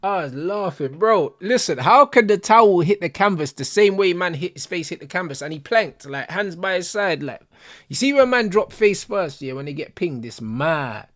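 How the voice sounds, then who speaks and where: A man's voice: sits high, expressive, moderate pace, a bit bright, no room sound, studio quality. A young man, chatting casually and animatedly in heavy slang as a stream host. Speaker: host of a football watch-along stream.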